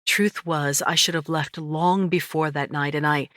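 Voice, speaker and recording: A woman's voice: low voice, fairly even intonation, pushed and bright, no echo, studio quality. Reflective woman narrating an audiobook. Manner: measured, reflective storytelling. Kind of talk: first-person audiobook narration.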